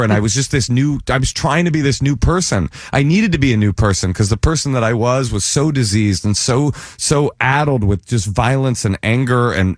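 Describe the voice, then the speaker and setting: A man with a lowish voice spins a rambling comic story as a guest on a radio show, speaking into a studio mic. He gets animated and leaps way up in pitch when he mimics what people said. The sound is close and dry. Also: no echo. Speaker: comedian guest.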